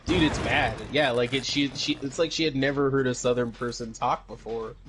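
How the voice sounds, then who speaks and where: A man's voice: medium pitch, steady tone, moderate pace, over music. A man co-hosting a podcast, casually recapping a movie in a rambling way, with lots of fillers, swearing and laughter. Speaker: podcast co-host.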